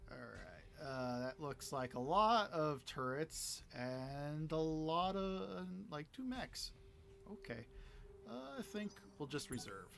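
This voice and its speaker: A man streaming a video game in a playful, giggly way who swings between quiet muttering and excited outbursts. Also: fairly high pitch, takes it slowly, vocal fry. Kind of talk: casual gameplay commentary.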